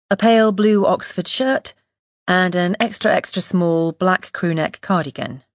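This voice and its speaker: Woman, audiobook narration, lowish voice, dry close recording, steady delivery. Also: no echo. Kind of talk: scripted first-person narration.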